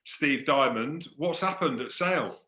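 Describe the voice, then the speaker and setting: Man, from Scotland, host, teasing banter, bright forceful voice, echoey room. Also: medium pitch, a little slow. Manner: joking, teasing, animated. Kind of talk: casual interview banter.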